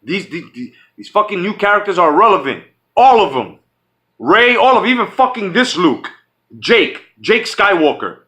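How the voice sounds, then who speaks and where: A man delivers a furious, profanity-laced rant to his channel's audience. His voice sits high and sounds bright and sharp. He trips over his own words, repeats phrases and starts sentences over as he vents. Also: sing-song, unhurried. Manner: profane, heated, repetitive; restarts and stumbles often. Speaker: channel host. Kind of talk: angry fan rant.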